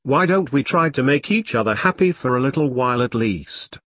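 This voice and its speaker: A man's voice: medium pitch, lively intonation, moderate pace, a bit bright, no echo, clean studio sound. A man voicing a weary, wry, plain-spoken male ex-soldier in an audiobook. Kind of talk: audiobook character reading.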